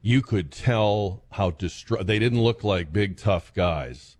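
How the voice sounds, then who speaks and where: A man hosting a radio talk show, talking in a halting, searching way with many fillers and restarts. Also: fairly low pitch, a little mellow, a little hiss or hum. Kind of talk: casual radio chat.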